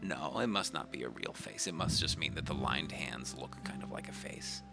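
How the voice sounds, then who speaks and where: A man casually chatting while playing a game, playful and sometimes dropping into low whispers as he reads. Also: expressive, moderate pace, gravelly, over loud music. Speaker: game player. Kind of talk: casual let's-play chat and reading aloud.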